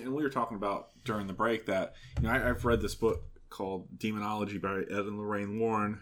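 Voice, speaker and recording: A man co-hosting a casual film review podcast, chatty and opinionated with frequent fillers. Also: fairly low pitch. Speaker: podcast co-host.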